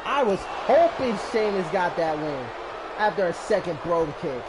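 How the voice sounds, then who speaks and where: A man commentating a wrestling match as a fan, emotional and shouting at the action. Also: high voice, big pitch swings, measured pace, very noisy. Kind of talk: excited fan commentary on a video game match.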